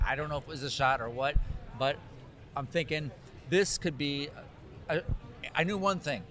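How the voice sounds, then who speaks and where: Man, photographer, casual storytelling, animated, acts out dialogue, outdoors. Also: fairly high pitch, moderate pace, long pauses. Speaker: cycling photographer.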